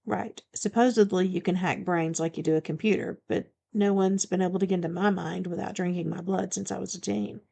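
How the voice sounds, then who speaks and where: A woman's voice: on the low side, steady tone, brisk, creaky, hardly any pauses, mellow. A woman reading the part of a blunt, commanding male shifter bodyguard in an audiobook, speaking firmly and matter-of-factly.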